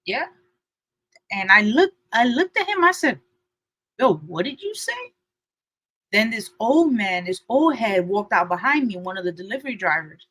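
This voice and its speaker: Young woman co-host, bright and crisp, dry close sound, lively storyteller. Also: normal speed, dry recording, poor audio. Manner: lively, acts out quotes with shifting pitch and loudness. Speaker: podcast co-host. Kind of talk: animated storytelling chat.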